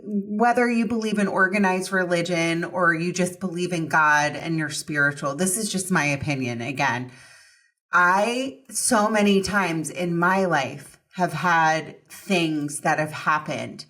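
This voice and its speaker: Slow-speaking woman host, distant from the mic. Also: lowish voice, fairly bright tone. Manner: empathetic and reflective. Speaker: podcast host. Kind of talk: conversational interview.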